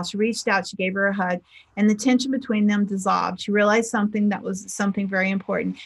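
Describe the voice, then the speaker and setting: Fast and creaky, with medium pitch and fairly even intonation, this middle-aged woman delivers a motivational talk as a spiritual teacher and life coach. She's a chatty storyteller who acts out the people she quotes.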